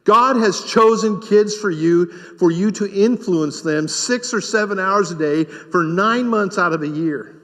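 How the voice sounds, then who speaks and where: A man's voice: sits high, a little slow, few pauses, fairly bright tone. A man preaching a sermon as pastor, emphatic and repeating key phrases for stress. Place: church sanctuary. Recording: long reverb of a church hall.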